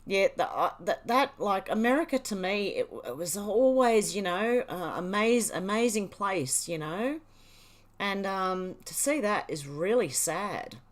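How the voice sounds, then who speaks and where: An Australian woman hosting a casual livestream, reading viewer comments aloud and chatting back in a relaxed way. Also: medium pitch, unhurried. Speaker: livestream host. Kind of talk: casual live chat reading.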